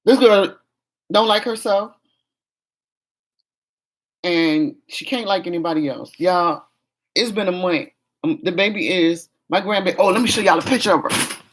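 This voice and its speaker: A woman's voice: lowish voice, moderate pace, pauses often. A middle-aged woman, venting frankly in a casual vlog chat. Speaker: vlogger.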